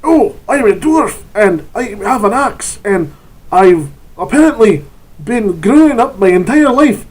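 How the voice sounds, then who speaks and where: Brief: man doing a cliché Scottish-accented dwarf, raised pitch, loud, mocking. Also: sing-song, unhurried, exaggerated voice, rough recording. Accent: exaggerated Scottish. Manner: mocking, sing-song caricature. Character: stereotyped axe-wielding male fantasy dwarf.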